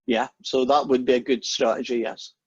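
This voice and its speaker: A man's voice: mid-range voice, level tone, normal speed, a little mellow. Man, lecturer, informal and rambling, video call, muffled sound. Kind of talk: online lecture with jokes and Q&A. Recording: husky voice, dull lo-fi audio.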